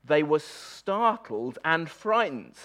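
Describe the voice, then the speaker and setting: A man preaching a conversational sermon, emphatic and animated, often stumbling and repeating words as he goes. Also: a little high, takes it slowly. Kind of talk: conversational sermon on a Bible passage.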